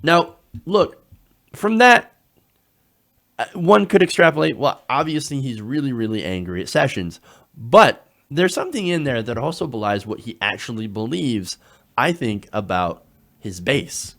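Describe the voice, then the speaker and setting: A man delivering opinionated political commentary in a sarcastic, animated way. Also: medium pitch, a little slow, creaky. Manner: sarcastic, animated, drops into mocking quotes.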